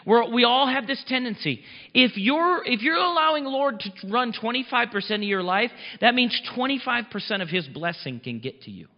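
A man's voice: extremely high pitch, animated, normal speed. A pastor preaching a sermon in a conversational, emphatic way, chuckling at his own lines. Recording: long reverb, dull muffled sound.

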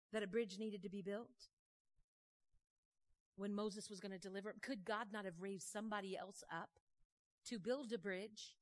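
A woman preaching a sermon, telling a story in a lively, conversational way, with folksy phrasing and questions tossed to the congregation. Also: medium pitch. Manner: animated, conversational, asks the crowd questions.

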